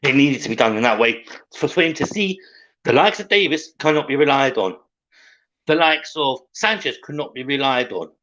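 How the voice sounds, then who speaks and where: A man talking as a guest in a casual football chat, animated and blunt, swearing casually. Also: mid-range voice, normal speed. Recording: dull lo-fi video call audio.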